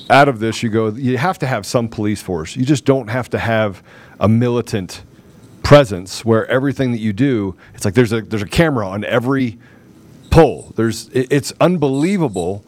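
A man hosting an interview show, animated and laughing as he tells a story from his own life. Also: mid-range voice, dry recording. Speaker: show host. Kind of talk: casual interview chat.

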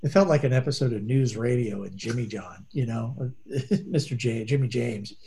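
This co-host of a casual podcast has a warm, medium-pitched voice with a breathy edge and a moderate pace. He rambles through stories and puts on voices for the characters in them.

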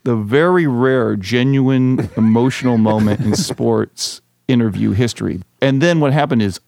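A young man hosting a casual chat, telling stories in an animated, rambling way with many fillers. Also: mid-range voice, a little slow, creaky, dry recording, clean studio sound.

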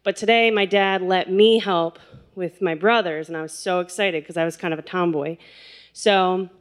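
A woman casually telling a funny personal story, animated, laughing and acting out quotes. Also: on the low side, normal speed, smooth.

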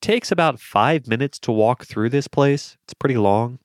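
A man's voice: medium pitch, animated, moderate pace, dry recording, clean studio sound. A man running a tabletop game as game master, describing scenes with jokey asides.

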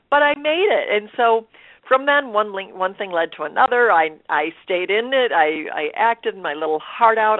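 A woman's voice: medium pitch, dry recording. A woman actor telling her personal story as an interview guest, acting out her own thoughts and laughing often. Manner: expressive, laughs often, acts out quoted thoughts. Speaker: guest, stage and screen actor. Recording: tinny dry phone line.

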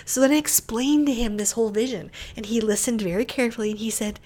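Middle-aged female podcast host, candid storyteller, slightly higher voice, expressive with whispered asides. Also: quick pace. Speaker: podcast host and bookshop owner. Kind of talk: personal storytelling monologue.

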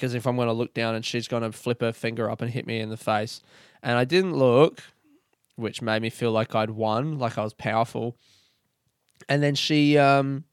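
Young male comic, rambling storyteller, crisp and resonant, no room sound. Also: mid-range voice, no echo, studio quality. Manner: rambling, laid-back, swears casually. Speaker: comedian. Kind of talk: casual storytelling monologue.

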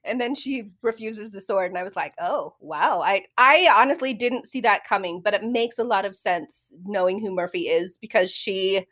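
A woman's voice: medium pitch, normal speed, few pauses, fairly bright tone. A woman co-hosting a casual book-discussion podcast, talking animatedly and acting out quotes, with frequent fillers. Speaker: podcast co-host. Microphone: remote call mic.

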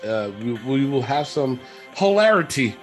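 A man co-hosting a casual podcast, reading out listener comments and chatting in an animated way. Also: mid-range voice, normal speed, soft background music. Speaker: podcast co-host.

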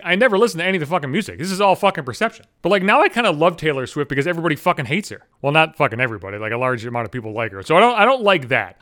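A man's voice: a little high, fairly bright tone. A man hosting a solo podcast, ranting with constant profanity. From Buffalo area, United States. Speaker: podcast host.

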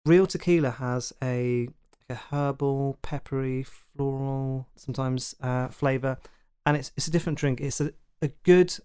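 London guy rambling on his podcast, smooth resonant voice, dry close sound. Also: mid-range voice, unhurried, mellow, no echo. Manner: chatty, generalizing, with fillers and asides. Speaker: podcast host. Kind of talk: casual monologue.

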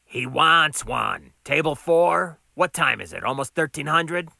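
A man voicing a gruff, gravelly older male diner owner who needles his staff. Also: fairly high pitch, expressive, unhurried, bright, forceful tone, no room sound, exaggerated voice. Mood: needling. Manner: needling, bossy. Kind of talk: audiobook character voice.

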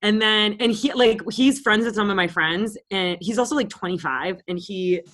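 A woman's voice: medium pitch, moderate pace, a bit bright. A woman in her late twenties, co-hosting a podcast in casual chat, telling stories in a blunt, profane, confident way. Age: late 20s. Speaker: podcast co-host. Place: Los Angeles.

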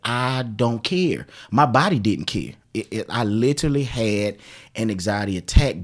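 A man, a pastor, telling lively stories in casual conversation and laughing often. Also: medium pitch. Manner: animated storytelling, laughs often.

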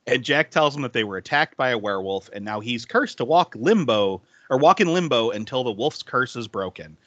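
A man's voice: mid-range voice, lively intonation, brisk, a bit bright, no echo, dull audio. A man co-hosting a casual film podcast, enthusiastic and giggly, who swears casually and laughs often. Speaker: podcast co-host.

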